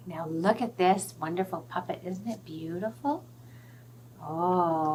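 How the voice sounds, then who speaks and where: High-voiced, slow-paced storytime librarian. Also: female voice, husky. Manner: animated and expressive, dropping to whispers for hints. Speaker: children's librarian hosting storytime. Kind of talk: children's storytime with puppets.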